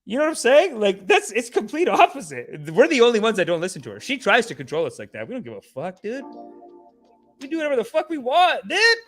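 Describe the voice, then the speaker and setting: Young man, comedy podcast host, profane rant, lively high voice, faint music behind. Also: fast, few pauses. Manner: profane, animated riffing.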